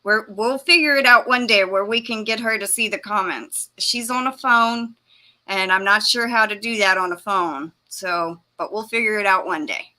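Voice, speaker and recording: A woman hosts a casual live-stream chat, with a bright, forceful voice. She chats in a halting way, full of fillers and small laughs. Her pitch sits in a middle range. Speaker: host.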